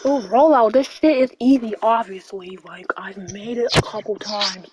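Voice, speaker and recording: A woman gamer giving live gameplay commentary, excitable and full of swearing and exclamations. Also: a little high, moderate pace, noisy background. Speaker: gamer playing online with a partner.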